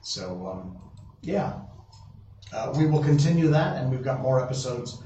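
A man's voice: medium pitch, lively intonation, a little slow, dark tone, distant mic. A man chats loosely on a live stream, wandering from point to point and reading out viewer comments as he goes. He sits well back from the mic in a roomy space, and the sound is dull and lo-fi with a faint hiss underneath. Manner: rambling, restarts often, reads chat aloud. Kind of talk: casual live-stream chat.

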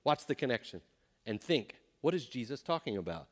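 A man's voice: medium pitch, big pitch swings, brisk. A man teaching scripture to a group, emphatic, often asking them questions. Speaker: pastor or Bible teacher. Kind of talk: interactive Bible teaching.

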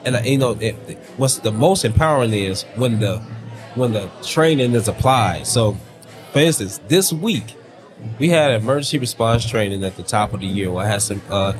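A man who owns a tattoo studio, speaking on a panel in an earnest, matter-of-fact way. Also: mid-range voice. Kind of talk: panel discussion. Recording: music behind.

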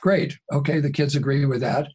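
A man with a husky, slightly rough voice, guest on an interview, recounting a mediation case at a measured, even pace. He talks in a calm, conversational way. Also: medium pitch.

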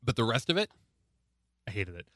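Bright-voiced man with a slight lisp. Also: mid-range voice, sing-song, a little fast, no echo, studio quality. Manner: hesitant, repeats words when starting. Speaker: podcast host. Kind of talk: casual chat.

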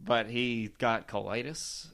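Guy hosting a chatty podcast, rambles, excited, mid-pitch voice. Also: slow, gravelly. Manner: rambling, enthusiastic, swears freely. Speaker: podcast host. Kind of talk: casual chat.

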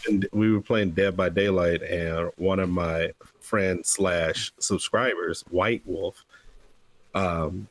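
A man co-hosting a casual gaming podcast, teasing his co-host with quick joking remarks. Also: low-pitched, fairly even intonation, no echo.

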